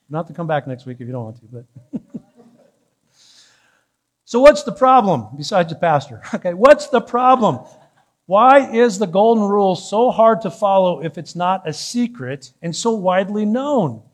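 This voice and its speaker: A man preaching a sermon from the pulpit of a church, his voice sitting fairly high. He teases and jokes with the congregation, then presses his points with growing fervor. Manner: joking, teasing the congregation, rising to fervent. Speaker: pastor.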